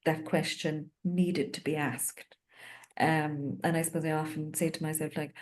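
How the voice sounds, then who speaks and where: An Irish woman with a low voice tells a story from her work as a home visitor. She speaks earnestly and reflectively, pausing on fillers as she goes. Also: little pitch movement. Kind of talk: panel discussion storytelling.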